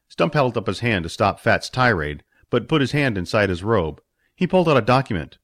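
Male audiobook narrator, animated intonation, dry close sound. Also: on the low side, fairly quick, no echo. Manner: expressive, puts on character voices. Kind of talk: storybook narration.

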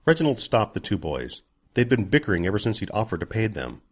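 A man narrating a story as an audiobook, expressive and giving each character a voice. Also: fairly low pitch, fast talker, slightly rough.

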